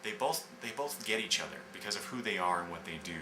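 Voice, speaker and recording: Male reviewer, low voice, loose and rambling delivery; roomy echo, audible background noise. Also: expressive, quick pace. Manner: rambling, many fillers and restarts. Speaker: comic book reviewer. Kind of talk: casual review, retelling scenes. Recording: echoey room with background noise.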